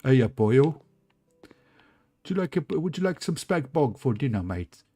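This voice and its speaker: A man's voice: mid-range voice, sing-song, a little slow, dark tone, husky, faint music behind, voice pushed up, exaggerated voice. A man putting on an exaggerated Welsh accent as a brash, cheeky, slangy chatter while streaming a game. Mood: boisterous. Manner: boisterous, slangy, mocking. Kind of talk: put-on voice while gaming on stream.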